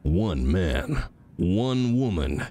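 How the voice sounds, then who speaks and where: A man's voice: deep voice, big pitch swings, drawn-out words, warm tone, pitched below the performer's own voice, exaggerated voice. A man doing an impression of a boastful action-movie strongman, clipped and heavy.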